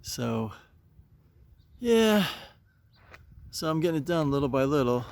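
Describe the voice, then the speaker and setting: A man's voice: big pitch swings, slow pace, gravelly, dry recording. An older man vlogging while weeding his yard outdoors, rambling and repeating himself, sighing and a bit winded. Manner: coaxing high calls to his pet. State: getting winded. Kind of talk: casual vlog chat.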